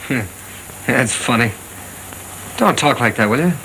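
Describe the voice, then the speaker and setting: A man's voice: medium pitch, lively intonation, unhurried. An actor in a 1930s film playing a nervous young male boxer on the run, who stammers and gets defensive. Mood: rattled. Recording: old film soundtrack with clear hiss.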